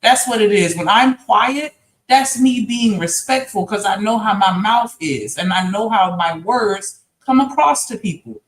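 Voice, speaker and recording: A man's voice: high-pitched, animated, a little slow, fairly bright tone. A man on a live-stream panel, explaining himself earnestly and at length in casual talk. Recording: roomy echo.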